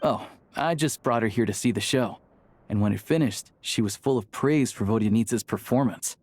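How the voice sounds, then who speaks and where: A man's voice: mid-range voice, normal speed, darkish tone, faint music behind, lightly acted. An actor playing a friendly young male theater worker in a video game, easygoing and persuasive.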